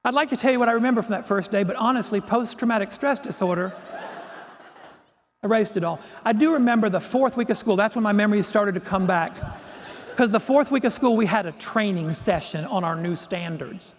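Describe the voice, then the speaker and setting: A man giving a keynote talk, telling a humorous story with animated comic timing. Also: sits high, fairly quick. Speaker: keynote speaker. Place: conference hall stage. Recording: echoey hall.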